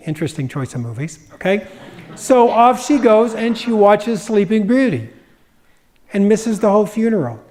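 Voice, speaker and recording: A middle-aged man with a notably high speaking voice gives a public presentation. He speaks as an expert, telling stories and playing out the voices of the people in them. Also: very animated, normal speed, darkish tone. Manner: storytelling, acts out quoted voices. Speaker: grief expert giving a public talk.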